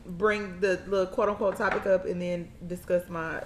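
A woman hosting a casual chat show, talking in a loose, relaxed way with slang and soft asides. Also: normal speed, slight background noise. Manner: laid-back, drops into low murmurs, loose slang. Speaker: podcast host. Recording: echoey room, faint ambience.

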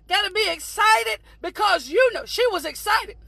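A preacher delivering a mock sermon, shouting in a rhythmic, repetitive cadence and breaking into whooping cries. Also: extremely high pitch, lively intonation, normal speed, vocal fry, dry recording.

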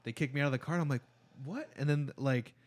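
A man's voice: medium pitch, fairly even intonation, rapid-fire. A young man chatting casually with friends, telling a game story full of fillers and laughter. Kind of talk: casual chat among friends.

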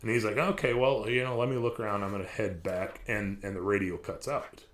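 A man's voice: fairly low pitch, steady tone, brisk, a bit bright. A man casually telling a spooky story on a podcast, rambling and profane, often restarting his sentences.

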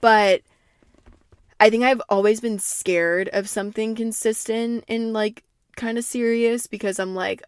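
A woman's voice: a little high, steady tone, unhurried, smooth, no echo, studio quality. A young adult woman hosting a podcast in casual solo chat, rambling, swearing freely and speaking candidly. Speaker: podcast host.

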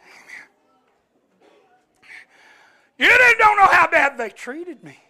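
A male preacher delivering an impassioned sermon, dropping to a hush and then shouting, with frequent amens. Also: very high-pitched, sing-song, moderate pace. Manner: impassioned, swings between hushed and shouting, peppered with amens. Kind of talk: Pentecostal-style sermon.

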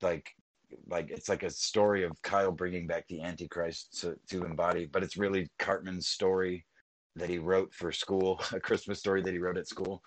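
A man's voice: low voice, little pitch movement, normal speed, no room sound, rough recording. A man rambling in casual podcast chat, swearing often and restarting his sentences.

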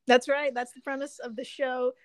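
Laughing, higher-voiced woman podcast host. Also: moderate pace, no room sound. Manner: laughs often, swears casually, animated storytelling. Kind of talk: casual podcast chat.

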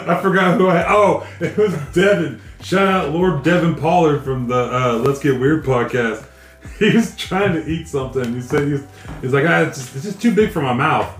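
A man's voice: on the high side, normal speed. A man joking and laughing in a casual chat. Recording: roomy echo, faint music.

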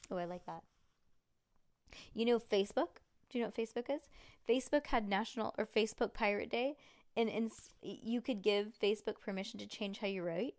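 A woman's voice: mid-range voice, a little fast, a little mellow, no room sound, clean studio sound. A woman reading a chapter book aloud to her child at home, breaking off for playful, chatty asides.

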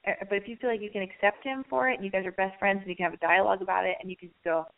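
A woman hosting a casual call-in radio advice show, raspy and hoarse from losing her voice, talking candidly in a rambling way and swearing freely. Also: medium pitch, steady tone, rapid-fire, phone-quality sound.

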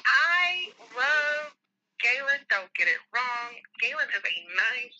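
A woman's voice: high-pitched, sing-song, slow pace, pushed and bright, muffled recording, slight background noise. A woman co-hosting a casual podcast chat, bluntly and emphatically repeating her complaints. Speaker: podcast co-host.

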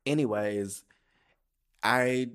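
A man's voice: medium pitch, extremely slow, a bit bright, clean tone. Brash, profane male podcast host. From San Diego, California. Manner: brash, profane and campy, with frequent laughs and restarts. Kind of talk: casual storytelling monologue.

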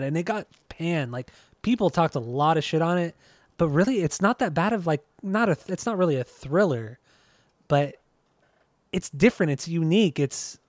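A man hosts a casual podcast, talking in loose, rambling runs with frequent restarts. His voice sits a little high. The recording is dry and close. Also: dry recording. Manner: rambling, hesitant, full of restarts. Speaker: podcast host. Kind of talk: casual chat.

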